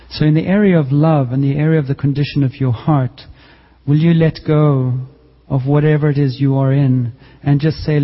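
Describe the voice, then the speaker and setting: An earnest male pastor preaches a sermon, his voice set a little high and pleading with the listeners. The sound is muffled and dull, and it rings out in a hall with a long reverb tail. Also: fairly even intonation, normal speed.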